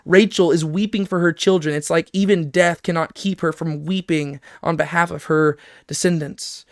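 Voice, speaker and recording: A man's voice: a little high, no echo. Man teaching scripture, dry close sound. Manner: explanatory, reads scripture aloud, frequent "right?" check-ins. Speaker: Bible teacher. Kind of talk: scripture lesson.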